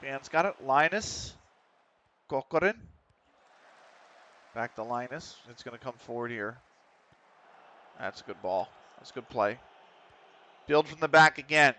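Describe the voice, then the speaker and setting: A man calling a football management game live on stream, excitable and quick to swear. He talks straight to the players on screen. His voice sounds bright and forceful. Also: mid-range voice, slight background noise.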